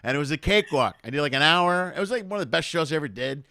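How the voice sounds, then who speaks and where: A man from Chicago rattles through a stand-up story at a quick clip, swearing freely and laughing along. His voice sits a bit high for a man, and the sound is close and dry, with no room around it. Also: no room sound. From Chicago, USA. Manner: profane, animated, laughing as he tells stories. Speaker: comedian and show host. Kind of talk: casual conversational storytelling. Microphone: video call.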